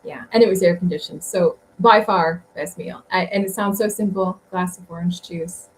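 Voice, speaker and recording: A woman's voice: on the low side, fairly even intonation, normal speed, a little hiss or hum, poor audio. A woman guest telling travel stories in a casual interview, chatty and rambling with many fillers. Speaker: guest author.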